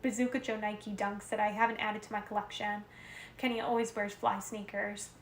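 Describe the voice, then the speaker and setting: A woman reading a novel aloud in the first person at home, steady with small self-corrections. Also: a little high. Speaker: reader. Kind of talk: amateur audiobook reading of a novel. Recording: roomy echo with faint noise.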